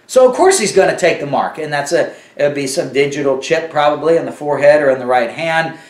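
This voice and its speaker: A man's voice: on the high side, lively intonation, fairly quick, echoey room, far from the mic. A man teaching verse by verse in a loose, conversational way, full of fillers and asides. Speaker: Bible teacher. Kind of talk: casual Bible teaching.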